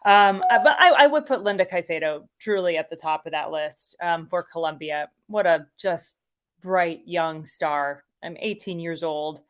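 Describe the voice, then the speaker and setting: A woman's voice: lowish voice, normal speed. Enthusiastic woman soccer commentator. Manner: enthusiastic, animated, many fillers. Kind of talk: casual interview chat.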